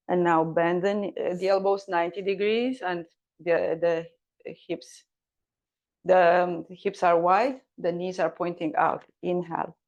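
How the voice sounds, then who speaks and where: A woman guiding a gentle yoga class, giving calm, unhurried cues and breath counts. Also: fairly low pitch, gravelly. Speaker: yoga teacher.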